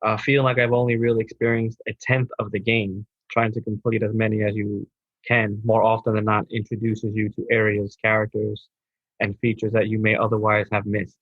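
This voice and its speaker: A man co-hosting a gaming podcast, relaxed and laid-back, talking with a sore throat. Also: fairly low pitch, brisk, breathy edge, no echo, phone-quality sound. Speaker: podcast co-host. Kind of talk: casual chat.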